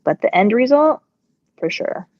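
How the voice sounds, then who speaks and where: A woman's voice: a little high, big pitch swings, unhurried, no room sound. A middle-aged woman chatting casually on a live stream while she sews, answering viewer questions, her voice a little congested and muffled. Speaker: sewing channel host.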